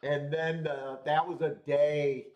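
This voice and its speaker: A man's voice: fairly high pitch, little pitch movement, slow pace, darkish tone, lo-fi sound. Rambling, profane man on a racing stream. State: congested from a cold. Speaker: horse racing show host. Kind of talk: casual live-stream chat.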